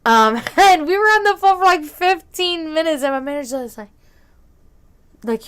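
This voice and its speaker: A woman's voice: sits high, animated, moderate pace, a bit bright. A woman telling casual stories on a stream in a loose, chatty way, swearing freely and laughing often. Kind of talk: casual storytelling chat.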